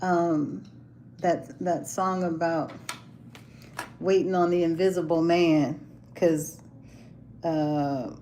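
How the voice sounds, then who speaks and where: A woman's voice: fairly low pitch, fairly even intonation, slow, long pauses, warm tone, a little hiss or hum, low-quality recording. A woman hosting a casual live chat, talking with viewers, laughing often and acting out the voices of the people in her stories. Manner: chatty, laughs often, acts out quoted voices. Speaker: livestream host chatting with viewers. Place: hotel in a city, music from a band downstairs.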